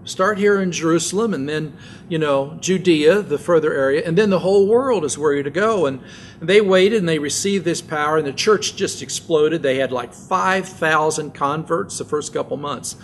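An older man preaching a sermon as pastor, telling stories in a relaxed conversational way with asides. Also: a little high, normal speed, slight background noise.

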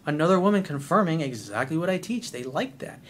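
A man's voice: lively intonation, a little fast. A middle-aged man coaching on dating, reading a listener's email and answering with playful, teasing remarks. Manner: playful, teasing, switches to a low crooning voice.

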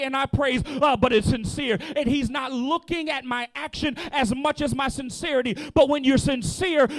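High-pitched impassioned preacher man, dry sound. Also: no room sound, rough recording. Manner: impassioned, shifting between calm teaching and rising shouted exhortation; sings out some phrases, repeats lines for emphasis. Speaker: pastor. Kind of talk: sermon.

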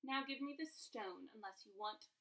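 A hissing, menacing male dark lord, as a woman reader puts him on, breathing his threats in a sharp, gravelly whisper. The storybook voice is caught from some distance off the mic. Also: fairly high pitch, moderate pace. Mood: snarling.

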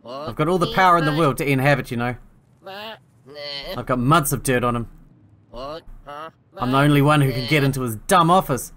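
A man's voice: medium pitch, fairly quick, long pauses, crowd noise, close to an everyday voice. A man reading aloud a game's sulky young male ex-assistant who whines about his bad teeth, in a plain voice with a self-pitying ramble. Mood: sulky, gossipy. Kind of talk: reading game dialogue aloud.

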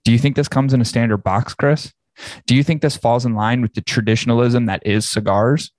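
Swearing heavily, a male podcast host rants angrily in a casual podcast setting. He speaks fairly quickly in a steady, medium-pitched, darkish voice, recorded without echo.

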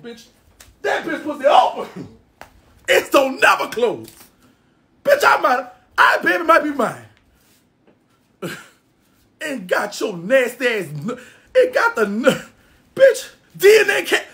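Guy with a really high voice doing a foul-mouthed roast rant, swings up and down a lot, cackles a bunch. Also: bright, forceful tone. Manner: brash, boastful, swears constantly, laughs often. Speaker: internet personality doing a roast. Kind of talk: profane comedic roast rant.

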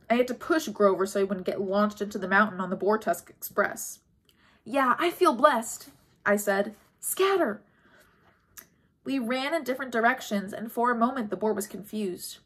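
A woman reading a first-person audiobook chapter, expressive, with a pace that slows and quickens. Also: medium pitch. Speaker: audiobook narrator.

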